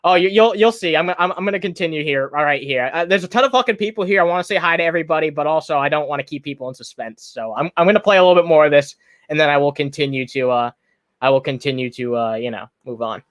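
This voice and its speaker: Fast and fairly bright, his voice on the high side, a streamer host fires off heated reaction commentary with lots of swearing and constant restarts. There's no room sound.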